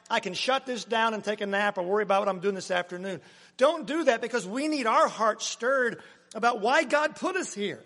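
A man preaching a sermon as pastor, swinging from loud emphasis to hushed, near-whispered lines. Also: very high voice. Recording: long hall reverb.

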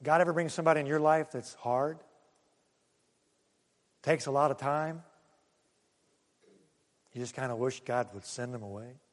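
A male pastor preaching a sermon, swinging between loud calls and quiet low asides. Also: in a large hall.

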